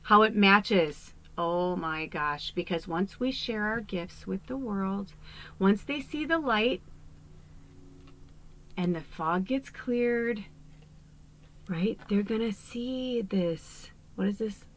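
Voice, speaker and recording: A woman, a psychic medium, giving a casual spiritual card reading in a rambling, animated way that keeps dropping into hushed asides. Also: medium pitch, takes it slowly, a little hiss or hum, poor audio.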